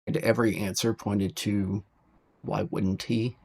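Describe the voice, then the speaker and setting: A man playing a tabletop role-playing game, speaking his character's lines in a measured, deliberate way. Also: on the low side, flat delivery, gravelly, a little mellow, breathy edge.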